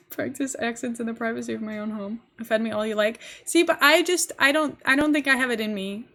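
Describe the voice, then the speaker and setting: Young posh english girl rambling on stream, giggly, a bit high-pitched. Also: fairly quick, a bit bright. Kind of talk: casual live-stream chat while gaming.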